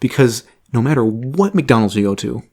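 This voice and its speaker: A young man casually telling a story about a job, animated, laughing often and swearing freely. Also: mid-range voice, moderate pace, husky. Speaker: vlogger.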